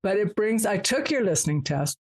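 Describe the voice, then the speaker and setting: Woman hosting a podcast, chatty and animated, laughs at herself a bit, middle pitch. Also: a little fast, breathy edge. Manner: animated, reflective, self-deprecating. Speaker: podcast host. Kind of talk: interview conversation.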